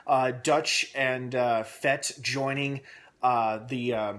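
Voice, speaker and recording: A man's voice: mid-range voice, fairly even intonation, slow pace, fairly bright tone. Rambling male TV recap host. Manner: rambling, with many "uh" fillers and restarts; asks himself questions aloud while speculating. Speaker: TV episode reviewer and channel host. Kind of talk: casual recap vlog.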